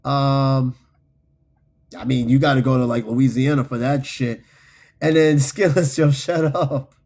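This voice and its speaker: A man hosting a podcast, chatting casually and reading out listener comments in a loose, profane, animated way. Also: mid-range voice, a little slow. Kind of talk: casual unscripted chat.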